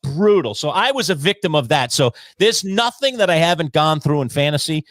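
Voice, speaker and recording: A man co-hosting a casual fantasy football talk show, telling stories animatedly and acting out his own yelling. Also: fairly high pitch, brisk, no room sound. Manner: animated storyteller who acts out his own shouting. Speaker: podcast co-host.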